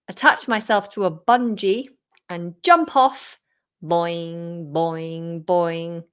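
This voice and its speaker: Woman, teacher, live lesson, unhurried delivery, chatty and repetitive. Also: mid-range voice. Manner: chatty, explains slowly and repeats key phrases. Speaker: English teacher. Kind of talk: live-streamed English lesson.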